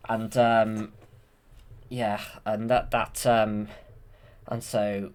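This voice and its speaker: A man's voice: on the low side, level tone, drawn-out words, pauses often, a little mellow. A man hosting his channel, retelling a film from memory with enthusiasm and plenty of fillers and restarts. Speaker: channel host.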